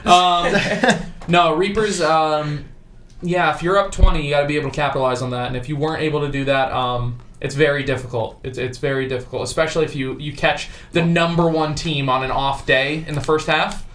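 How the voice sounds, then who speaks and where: A man co-hosting a casual podcast, talking loudly and animatedly and swearing freely. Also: on the high side, a little fast, far from the mic. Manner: loud, animated, swears a lot. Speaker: co-host. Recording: echoey room, faint background noise.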